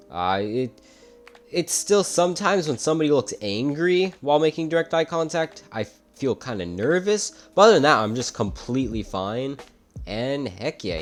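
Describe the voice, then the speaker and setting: A young man telling a story in casual commentary, rambling, with frequent uhs and restarts. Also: mid-range voice. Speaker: YouTube commentator.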